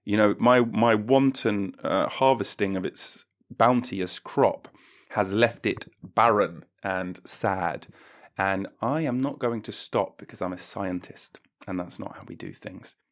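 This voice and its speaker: Gravelly man ranting in mock-pompous comedy. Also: unhurried. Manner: mock-pompous, jumps into silly high voices and shouts. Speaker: podcast host.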